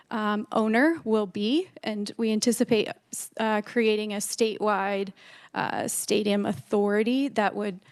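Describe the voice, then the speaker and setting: A woman with a Midwest American accent, a state official explaining a project to a legislative committee in a measured way. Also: fairly high pitch, smooth. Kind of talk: formal testimony answering questions. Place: legislative hearing room.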